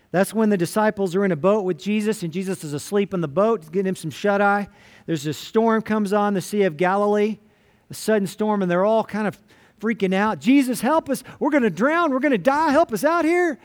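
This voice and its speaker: Guy preaching a sermon, kinda high voice, tells the bible stories super casual. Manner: casual storytelling, retelling scripture in everyday words. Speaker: pastor.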